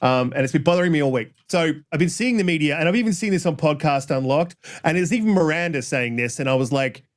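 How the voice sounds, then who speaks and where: A man hosting a gaming podcast in casual chat, rambling with many fillers and restarts, quick to apologize. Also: on the high side, lively intonation. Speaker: podcast host.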